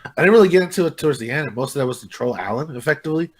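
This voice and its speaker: Podcast guy, hesitant, lots of ups and downs in his voice, quick. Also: on the high side, lively intonation. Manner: hesitant, with many restarts and fillers. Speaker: podcast co-host. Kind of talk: casual chat.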